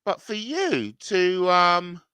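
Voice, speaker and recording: A man's voice: high voice, sing-song, takes it slowly, bright, forceful tone, clear, resonant tone, no room sound. A man rambling casually to camera in a chatty vlog, laughing things off. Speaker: vlogger.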